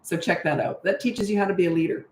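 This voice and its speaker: A middle-aged woman who coaches parents, answering viewer questions in a breezy, matter-of-fact way and acting out parent lines in a bright sing-song. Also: fairly low pitch, steady tone, quick pace. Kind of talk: casual Q&A livestream. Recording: echoey room.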